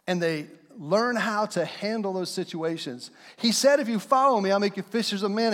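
Man preaching in a reverberant church hall. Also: high-pitched. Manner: animated and conversational, acting out voices of the people he describes. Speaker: pastor. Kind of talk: sermon. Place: church sanctuary.

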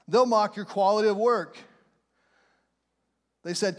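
A man's voice: high-pitched, a little slow, pauses often, long reverb tail. A middle-aged man preaching a sermon as a pastor, telling stories in a folksy, plain way. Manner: folksy storytelling, plain speech.

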